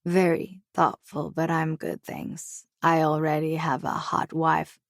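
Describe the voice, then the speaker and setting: A woman voicing a calm, gentlemanly middle-aged husband who speaks with quiet firmness. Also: slow, vocal fry, dry recording, clean studio sound, heavily acted. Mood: polite, firm. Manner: calm, firm, low-key.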